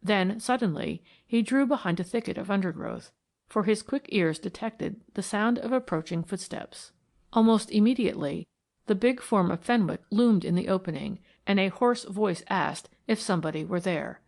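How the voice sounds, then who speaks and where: A woman narrating a mystery audiobook in a measured, even storytelling manner. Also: mid-range voice, vocal fry. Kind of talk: scripted narration.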